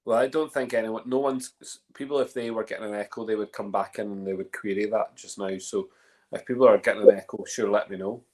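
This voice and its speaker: A low-voiced man hosts a casual online talk. He rambles cheerfully, restarting sentences and stacking fillers. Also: fairly even intonation, fast talker, a little mellow. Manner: chatty, many restarts and fillers. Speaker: host. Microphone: online call.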